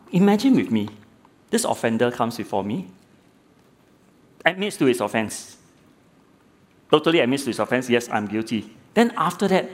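A middle-aged man and lay preacher preaching a sermon, telling a courtroom story and asking his listeners rhetorical questions, often repeating words as he starts a phrase. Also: medium pitch. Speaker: lay preacher, former judge.

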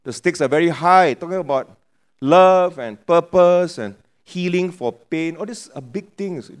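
A man from Penang preaching a sermon in a Penang English accent, chatty, with joking asides and local particles. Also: medium pitch. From Penang, Malaysia.

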